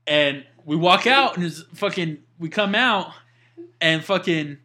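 A young man telling stories in a casual chat with friends, swearing constantly and animated. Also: a little high, measured pace. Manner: profane, animated storytelling with heavy swearing.

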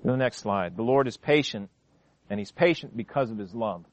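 A pastor preaching a sermon, acting out quoted voices with big swings between loud and soft. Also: male voice, animated, normal speed, no room sound. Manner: dramatic, acts out quoted voices, wide swings in pitch and volume. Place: church.

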